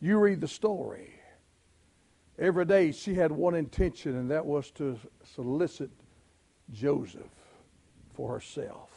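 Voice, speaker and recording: Southern preacher man, folksy, high voice with a gravelly edge, shouts at the big parts. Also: measured pace, long pauses. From Southern United States. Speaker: pastor. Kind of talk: sermon.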